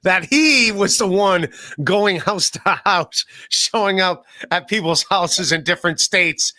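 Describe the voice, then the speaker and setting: A man hosting a podcast, chatting casually and breaking into quick mimicking voices. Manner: animated, mimics people with sudden jumps in pitch. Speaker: podcast host. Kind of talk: casual livestream chat.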